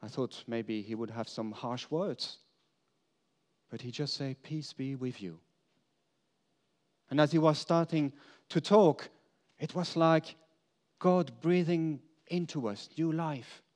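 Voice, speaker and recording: Pitched on the high side and speaking slowly, a man voices an apostle in a first-person dramatic monologue. He tells his story earnestly, his emphatic lines giving way at times to hushed confession.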